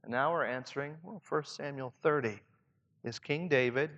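A man with a Southern Indiana accent preaching a reflective sermon to pastors, often dropping to a soft hush to stress a point. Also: mid-range voice, moderate pace, highs cut off. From Southern Indiana, USA. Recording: long hall reverb.

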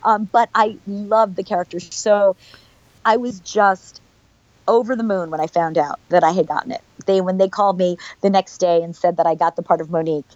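A woman's voice: mid-range voice, steady tone, moderate pace, darkish tone, no echo, dull audio. A middle-aged woman, an actress being interviewed, chatting in a bubbly, rambling way and laughing often. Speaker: actress guest. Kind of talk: casual interview chat.

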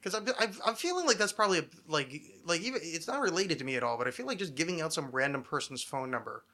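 A man's voice: fairly high pitch, animated, quick pace, pushed and bright. Jokey, rambling podcast host man. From New Jersey, US. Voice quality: light, not resonant. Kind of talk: casual podcast chat.

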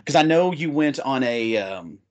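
A man's voice: mid-range voice, animated, normal speed. A man hosting a casual interview, rambling and restarting his sentences. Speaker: podcast host.

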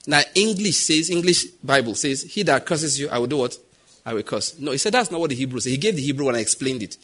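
Husky Nigerian preacher man. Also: medium pitch, fast talker. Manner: animated storytelling, acting out quoted voices. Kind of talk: sermon.

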